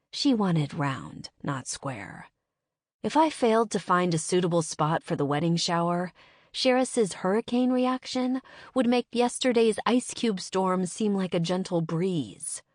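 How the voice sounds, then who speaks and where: A woman narrates an audiobook in the first person, with measured, wry storytelling. Her voice is low and unhurried, and the close studio mic sounds dry. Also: dry recording.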